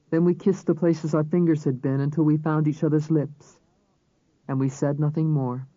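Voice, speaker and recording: A man reading a crime novel aloud as narrator, in a measured, even storytelling manner. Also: fairly high pitch, no echo. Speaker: audiobook narrator. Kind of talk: scripted narration. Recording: slightly dull audiobook recording.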